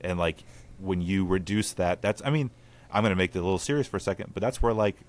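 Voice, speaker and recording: Male host, 30s, lowish voice, chatty earnest storyteller. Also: fast talker. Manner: storytelling, earnest, lots of "like" fillers. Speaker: podcast host. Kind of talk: casual chat.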